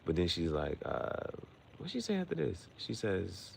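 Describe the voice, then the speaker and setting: A man with a very deep, gravelly voice rambles through a movie recap, full of slang and asides. He tells it like casual chat with a friend, and a faint hiss sits under the recording. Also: moderate pace. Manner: slangy, rambling, animated storytelling. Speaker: podcast host.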